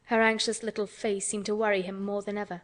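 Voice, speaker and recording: A woman with a mid-range voice narrates an audiobook from a script, calm and measured.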